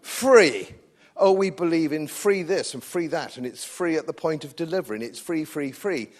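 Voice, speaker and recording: A man's voice: a little high, a little fast, a little mellow. A man with an English accent giving a live political speech to an audience, combative and sardonic, hammering points home by repeating phrases. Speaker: speaker at a public event.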